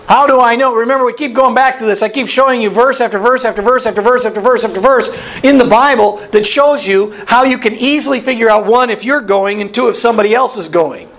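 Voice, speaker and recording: A pastor with a high voice leads a Bible study as an interactive sermon, asking his listeners questions and repeating key phrases. The recording is low quality.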